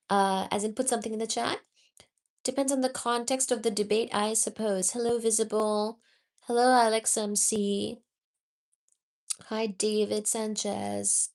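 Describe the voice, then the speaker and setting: A woman's voice: fairly high pitch, gravelly. A woman hosting a live physics study stream, explaining loosely with lots of "you know" and greeting viewers one by one from the chat. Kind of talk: casual livestream teaching and chat reading.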